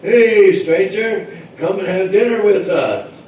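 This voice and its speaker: A man voicing villagers and hunters from a told legend, who holler out their invitations in raised, high calls. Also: a little slow, darkish tone, slight background noise. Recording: very echoey church hall, mic far off.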